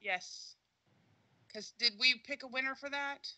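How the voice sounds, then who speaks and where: A woman co-hosting a podcast, chatty and giggly, her voice a little hoarse. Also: sits high, unhurried, a crowd in the background, poor audio. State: losing her voice. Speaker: podcast co-host. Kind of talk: casual podcast chat.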